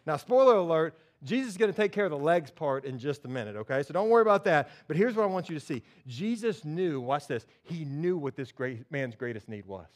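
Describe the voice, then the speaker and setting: A man preaching a sermon in a church, telling a story with lively acted-out voices. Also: on the high side, a little fast, hardly any pauses. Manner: animated storytelling, acts out characters. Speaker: pastor.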